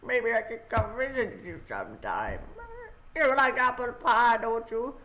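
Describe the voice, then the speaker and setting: A frail, confused old mother wavers through slow, drawn-out lines, her pitch climbing and falling in lively swings, as a man puts her on during a game. The tone is bright and thin, and her fretting tips into shrill panic. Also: exaggerated voice, low-quality recording. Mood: doting. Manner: wavering, drawn-out and fretful, flaring into shrieks. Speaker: game player voicing characters. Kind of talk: let's-play voice acting.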